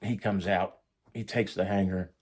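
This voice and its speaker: A man's voice: low-pitched, steady tone, normal speed, darkish tone, breathy edge. A middle-aged man casually telling a profane first-person story, acting out the voices of the people he quotes. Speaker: storyteller recounting prison life.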